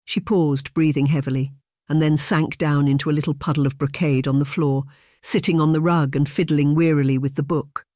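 A man narrating a novel in a measured, even reading. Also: fairly high pitch, no echo, clean studio sound. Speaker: audiobook narrator. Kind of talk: scripted narration.

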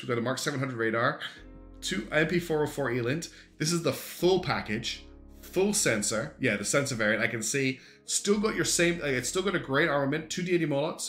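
A man's voice: medium pitch, fairly bright tone. Chatty man streaming with roomy echo. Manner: chatty, thinks aloud with many ums and restarts. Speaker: streamer reviewing community game designs. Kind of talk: casual livestream commentary. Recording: roomy echo with faint guitar music behind.

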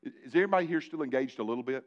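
A man preaching a live sermon in church, animated and joking with his congregation, calling on them directly. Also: mid-range voice, racing, muffled recording. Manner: animated, talks directly to the congregation with asides and jokes. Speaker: pastor. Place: church sanctuary before a congregation.

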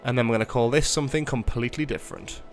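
A man's voice: medium pitch, racing, faint music behind. Sweary man streaming a building game. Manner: sweary, self-mocking, talks to chat. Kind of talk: casual gaming livestream commentary.

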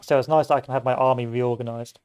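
A man's voice: mid-range voice, steady tone, quick pace, a little mellow, smooth. A man giving casual gameplay commentary, rambling off into history tangents and joking asides. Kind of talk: casual let's-play commentary.

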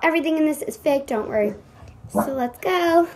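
A bubbly woman vlogger gushes excitedly as she hosts a casual skit. Her voice is fairly high. The home recording carries a clear layer of noise. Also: normal speed. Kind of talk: casual kids' vlog skit.

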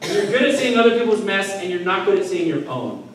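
A high-pitched male pastor delivers a chatty sermon full of rhetorical questions. His voice rings through a very reverberant church and sounds a little distant from the mic. Faint room noise sits underneath. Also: sing-song, fairly quick. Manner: conversational, rhetorical questions, frequent "right?". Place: church sanctuary. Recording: echoey room heard from a distance.

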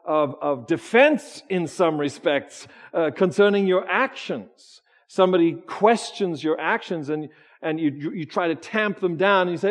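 A man preaching a sermon in a church, talking in a conversational way, often restarting his words and teasing the congregation. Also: on the high side. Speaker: pastor. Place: church sanctuary.

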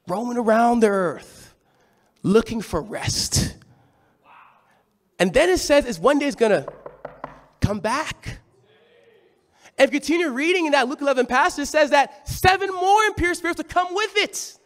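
High-voiced animated male preacher. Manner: animated, conversational storytelling. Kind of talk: sermon.

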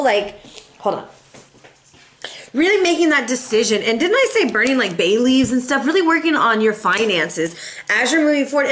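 A woman's voice: high-pitched, a bit bright. Sassy, chatty woman reading tarot. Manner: chatty, sassy, addresses viewers as boo and y'all. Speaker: tarot reader.

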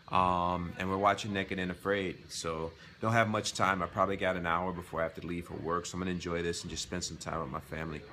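Man, dad vlogger, very low voice, slangy, relaxed. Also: slight background noise. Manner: laid-back and slangy, addresses viewers as family. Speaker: family vlogger, father. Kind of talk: casual vlog talk to camera.

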